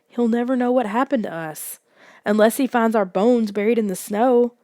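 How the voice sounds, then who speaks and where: A woman's voice: a little high, moderate pace, dark tone, no echo, studio quality, voice pushed up, lightly acted. A woman voicing a scared young boy. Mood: fearful. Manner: panicky, breathless exclamations. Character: frightened young boy, the story's hero. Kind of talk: audiobook character voice.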